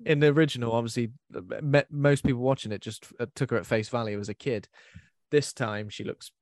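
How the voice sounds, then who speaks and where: A man's voice: mid-range voice, steady tone, fairly quick, a little mellow, no echo, studio quality. A man hosting a casual podcast chat, rambling with fillers and restarts. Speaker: podcast host.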